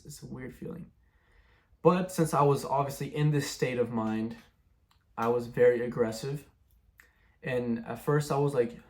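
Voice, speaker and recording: A young man speaking at an ordinary middle pitch, telling his own story in a loose, casual way. He rambles and circles back, and fills his sentences with "like" and "bro". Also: a little mellow. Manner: rambling, many fillers like "like" and "bro". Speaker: testimony speaker. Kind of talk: casual personal testimony.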